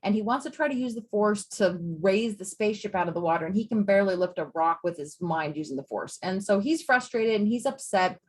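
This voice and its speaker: A woman's voice: mid-range voice, animated, a little fast, few pauses. A woman psychiatrist giving a grand rounds lecture to medical trainees. She speaks in an emphatic, conversational way and often drops in casual "like" asides. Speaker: psychiatrist and residency training director.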